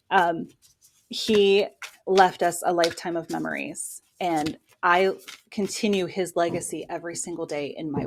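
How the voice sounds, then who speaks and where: A woman's voice: low-pitched, slight background noise. A woman giving a casual weekly tarot reading into her own microphone, talking in an encouraging, motivational way. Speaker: tarot reader and spiritual coach.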